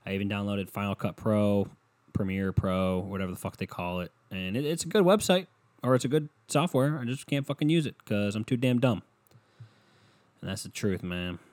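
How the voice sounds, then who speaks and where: A young man hosts his own solo podcast from home, speaking into a headset and ranting casually, rambling and swearing with self-mocking humor. His voice is on the low side with a darkish tone, at normal speed, with no room sound.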